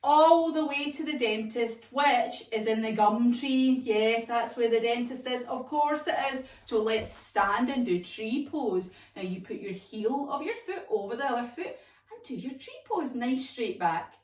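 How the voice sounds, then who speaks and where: A woman teaching a children's yoga class as a story, animated and sing-song with playful sound effects. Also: on the high side, unhurried. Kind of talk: storytelling kids' yoga lesson. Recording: echoey room, voice from far off.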